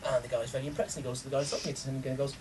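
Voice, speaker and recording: A man's voice: mid-range voice, level tone, very fast, a little hiss or hum. A man emceeing a comedy night, telling bad jokes to a live audience, laughing at himself and swearing. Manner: self-mocking, laughing at own jokes, swearing. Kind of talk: stand-up joke telling. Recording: distant mic, loud crowd.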